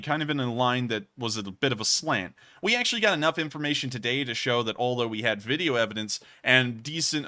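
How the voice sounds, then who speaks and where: A man's voice: medium pitch, bright, forceful tone. A young man hosting a casual live-stream of war news, talking conversationally and correcting himself mid-sentence. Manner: conversational, self-correcting, says y'all. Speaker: war news livestream host. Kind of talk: casual live-stream commentary over maps and footage.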